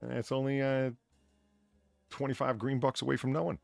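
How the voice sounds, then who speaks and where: A man's voice: mid-range voice, flat delivery, normal speed, creaky, no echo, faint music behind. A man hosting a casual podcast, reading news aloud with swearing and stumbling restarts. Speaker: podcast host.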